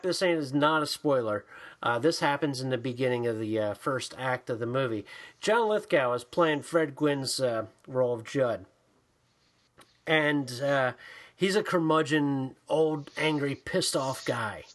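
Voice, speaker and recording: A man co-hosting a podcast, chatting casually about movies in an animated, profane way, often acting out the voices he quotes. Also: medium pitch, measured pace. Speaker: podcast co-host. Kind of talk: casual chat, movie review.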